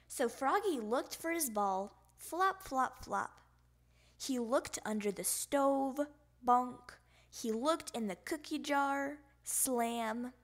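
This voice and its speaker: Lady reading a kids book aloud, slow and bouncy, says the sound effects. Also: high voice, lively intonation. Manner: playful, sound effects spoken out. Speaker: storybook reader. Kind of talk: children's read-aloud.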